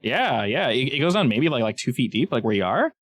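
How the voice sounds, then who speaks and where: A man's voice: medium pitch, big pitch swings, a little fast, fairly bright tone, dry recording. A man narrating a tabletop game as game master, in a chatty way with frequent restarts.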